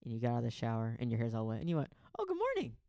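A man's voice: mid-range voice, flat delivery, racing, vocal fry, mellow, clear, resonant tone, no echo. A man co-hosting a podcast in casual chat, telling a rambling story and acting out the voices of the people in it. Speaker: podcast co-host.

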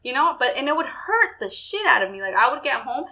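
A woman's voice: high voice, big pitch swings, brisk, sharp tone, poor audio. A young woman in casual, candid chat who swears freely and acts out quoted conversations.

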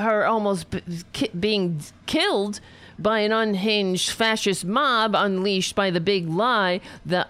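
A woman's voice: mid-range voice, fairly bright tone, clear, resonant tone. A woman giving casual commentary in a sarcastic, mocking, emphatic way.

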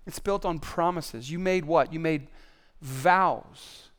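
Male pastor preaching, high voice, smooth and resonant, animated, loud then hushed. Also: takes it slowly. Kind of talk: sermon.

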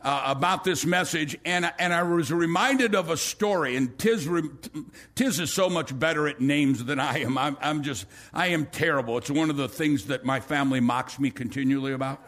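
Male pastor, high voice, animated storytelling sermon, shouts at peaks. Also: normal speed. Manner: storytelling, acts out quoted voices, rises to shouting.

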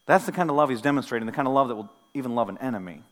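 A man's voice: medium pitch, rapid-fire. Man preaching in a reverberant sanctuary. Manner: animated preaching, swinging from soft to loud; conversational, with asides and light humor. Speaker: pastor. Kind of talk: sermon. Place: church sanctuary.

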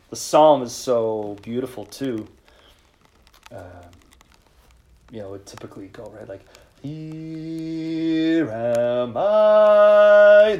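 A priest speaking in a conversational sermon to a live group, leading them in call-and-response. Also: male voice, on the low side, mellow. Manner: informal, leads call-and-response with listeners.

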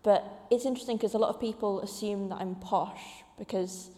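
A woman's voice: mid-range voice, steady tone, a little fast, mellow. Young woman, neutral English with Mancunian touches. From Denmark and Manchester. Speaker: panel guest. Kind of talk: casual discussion. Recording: roomy hall reverb.

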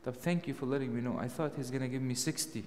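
Guy giving a sermon in a church, keeps asking the crowd questions, voice swells up loud, long echo in the hall. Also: mid-range voice, fast talker. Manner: emphatic, rhetorical questions, rising to loud peaks. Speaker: preacher.

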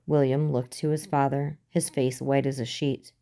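A woman reads a story aloud like an audiobook, with a steady, even delivery. Her voice is low and dark, with a mellow, relaxed warmth. She keeps a calm storytelling pace through the narration. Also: moderate pace, vocal fry. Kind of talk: audiobook reading of fan fiction.

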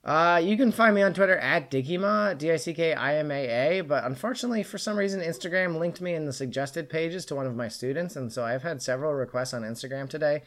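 A man's voice: fairly high pitch, fast, hardly any pauses, a bit bright. A young man co-hosting a podcast, chatting loosely about books with lots of filler words. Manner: rambling, full of "like" fillers. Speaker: podcast co-host. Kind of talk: casual book chat.

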